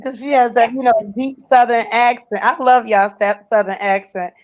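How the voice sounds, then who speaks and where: A woman co-hosting a casual online group chat, talking freely and laughing easily, quick to agree and share her annoyance. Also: fairly high pitch, fairly even intonation, rough recording.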